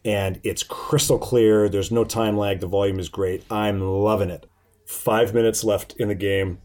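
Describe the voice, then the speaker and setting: A man telling a story in casual chat, animated, swearing and laughing often. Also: on the low side, measured pace.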